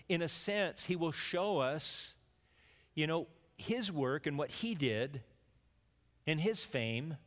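Preaching man in a reverberant hall. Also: fairly high pitch. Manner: conversational preaching, acting out imagined voices. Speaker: pastor. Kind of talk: sermon.

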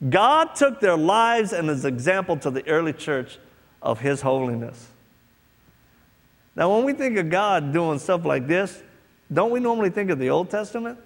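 A man preaching a sermon, telling a personal story and acting out the voices of others. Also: a little high. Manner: storytelling, acts out quoted voices. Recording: echoey hall, long reverb.

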